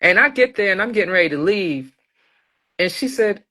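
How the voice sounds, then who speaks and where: Woman poet guest, lively storyteller with a bright forceful tone, casual interview talk. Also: mid-range voice, normal speed. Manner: animated storyteller, acts out quoted dialogue.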